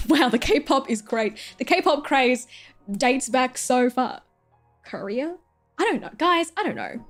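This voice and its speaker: A woman's voice: high voice, expressive, slow pace. A woman streaming, chatting casually and jokily with plenty of fillers and giggles, with faint music behind her. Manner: rambling, jokey, lots of fillers and giggles.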